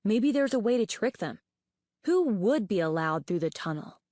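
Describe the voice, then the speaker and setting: A woman's voice: medium pitch, very animated, normal speed, warm tone, no echo, studio quality, lightly acted. A woman voicing a clever, nervous young male dragon who talks in a careful, reasoning way. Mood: thoughtful.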